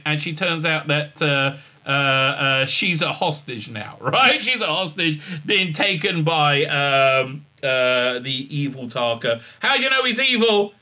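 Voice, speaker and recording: A man's voice: fairly high pitch, bright, forceful tone. A man hosting a casual review vlog, sarcastic and mocking, rambling with many fillers. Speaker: show host and reviewer.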